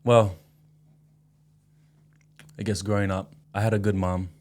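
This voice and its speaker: A man in his thirties, a musician guest on a podcast, speaking in a relaxed, reflective, slangy way. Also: fairly low pitch, a little slow. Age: 30s. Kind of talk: casual interview chat.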